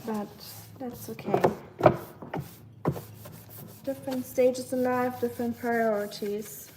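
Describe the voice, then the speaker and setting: A woman's voice: on the high side, steady tone, slow, warm tone, a little hiss or hum, rough recording. A woman from Germany with a German accent, chatting casually with viewers on a livestream while doing chores. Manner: chatty, reading chat aloud, self-deprecating.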